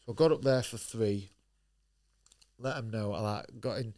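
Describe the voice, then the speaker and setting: A man with a lowish, slightly mellow voice talks at a moderate pace as a guest on a podcast. He's a professional boxer telling his story candidly, swearing freely, speaking bluntly, and acting out quoted dialogue.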